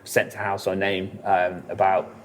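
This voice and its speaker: A man's voice: low voice, monotone, a little slow, background noise. A man, a musician guest telling rambling stories in a casual interview, full of fillers and swearing.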